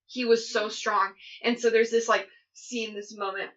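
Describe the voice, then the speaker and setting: A woman's voice: on the high side, level tone, unhurried, fairly bright tone, highs cut off. A young woman co-hosting a podcast, chatting with enthusiasm and plenty of fillers. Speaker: podcast co-host. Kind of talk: casual chat.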